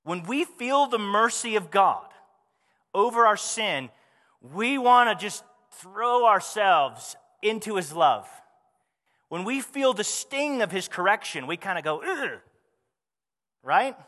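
In a sing-song, slow delivery, a male pastor preaches with a voice that's high and bright, with a tense edge. He keeps it conversational with his congregation, scattering rhetorical questions throughout. The sound carries a long reverb, as if from a spacious hall.

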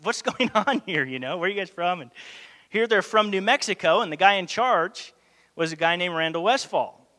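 High bright-voiced preacher in a reverberant hall. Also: male voice, moderate pace. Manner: animated, acts out quoted dialogue. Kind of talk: sermon storytelling.

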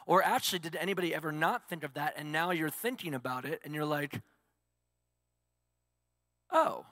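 A man's voice: a little high, fast, bright, forceful tone, no echo, clean studio sound, in a large hall. A male pastor preaching a sermon, asking the congregation questions and answering them himself.

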